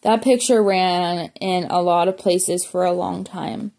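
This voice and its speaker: A woman's voice: lowish voice, fairly even intonation, a little slow, vocal fry, darkish tone. A woman reading a memoir aloud as an audiobook, plainly, with small slips and self-corrections. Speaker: audiobook reader.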